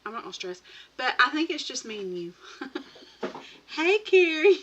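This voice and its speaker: A woman's voice: a little high, lively intonation, a little fast, sharp tone, dull audio, a little hiss or hum. A woman hosting a casual late-night live chat from her home craft room, chatty and rambling, laughing often and greeting viewers by name. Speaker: crafting channel host. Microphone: computer or tablet mic.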